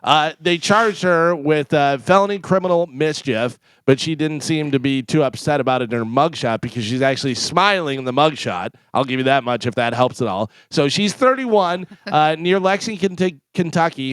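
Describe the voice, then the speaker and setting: A man co-hosting a radio show, chatting and briskly reading out a news story on a studio mic. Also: mid-range voice, animated, a bit bright, smooth, dry recording. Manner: reads facts briskly with chuckles. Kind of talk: casual radio banter and reading a news item. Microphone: studio microphone.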